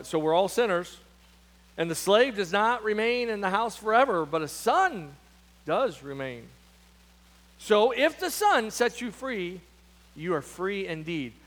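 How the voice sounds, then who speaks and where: A man preaching a sermon as pastor, emphatic, with frequent restarts and fillers. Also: a little high. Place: church sanctuary. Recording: long hall reverb.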